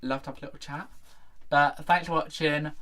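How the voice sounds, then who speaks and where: A man's voice: a little high, fairly even intonation, normal speed, a bit bright. A young man with an English accent, talking casually to camera in a chatty, jokey vlog. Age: young adult. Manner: chatty, camp, jokey asides. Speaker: vlogger.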